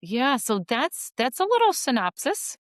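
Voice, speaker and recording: A woman as a podcast guest, talking earnestly and thoughtfully about spiritual growth, pausing often with ums. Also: high-pitched, sing-song, no echo, studio quality. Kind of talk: reflective spiritual conversation.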